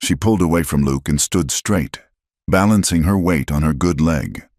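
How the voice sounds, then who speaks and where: A man narrating a western romance story in a measured, dramatic storytelling style. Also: very deep voice, darkish tone, dry recording, clean studio sound. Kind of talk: scripted narration.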